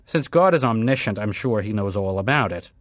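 A man reading aloud, voicing a male president who pleads in a hesitant, stammering, low and subdued way. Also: lively intonation, fairly quick, dry recording, clean studio sound, lightly acted. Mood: nervous pleading.

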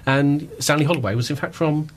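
A man's voice: on the high side, fairly quick, a little hiss or hum. A man talking as a podcast guest in a reflective, discursive way, with many ums. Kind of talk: casual podcast conversation.

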